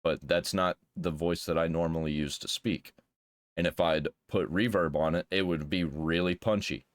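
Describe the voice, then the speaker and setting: A man's voice: low-pitched, steady tone, moderate pace. A man hosting a reaction commentary, talking bluntly and crudely in a rambling, casual way with frequent restarts. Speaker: commentary host.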